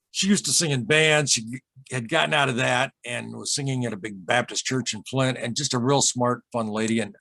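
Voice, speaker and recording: A man being interviewed as a guest on a podcast, telling an unsettling personal story in an earnest, halting way, often repeating himself and getting emotional. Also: mid-range voice, gravelly, a bit bright, no echo. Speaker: podcast guest, UFO experiencer.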